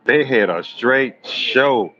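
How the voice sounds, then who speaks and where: On his live astrology stream, a man jokes, teases and rambles casually with viewers, speaking slowly in an animated, mid-range voice that's bright and forceful. The stream audio is lo-fi and slightly dull, with faint room noise.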